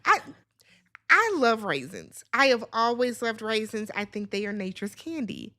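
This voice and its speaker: A woman from Milwaukee hosting a casual talk show, playful and animated with lots of laughter. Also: a little high, unhurried. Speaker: show host. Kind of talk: casual podcast chat.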